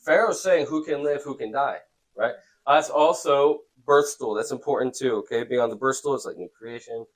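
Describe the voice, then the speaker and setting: A man's voice: medium pitch, normal speed, rough recording. Casual man teaching a youth class. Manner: conversational, checks in with "okay?" often.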